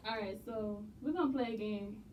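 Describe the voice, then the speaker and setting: A woman's voice: a little high, lo-fi sound. A woman hosting a casual interview, asking short questions and fighting off giggles. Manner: slow, giggly, short prompts. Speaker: interview host. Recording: distant mic with faint noise.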